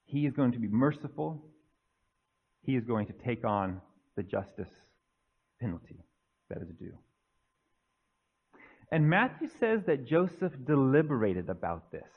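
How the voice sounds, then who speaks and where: Man, pastor, sermon, emphatic pauses, thin phone-line audio. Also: mid-range voice, big pitch swings.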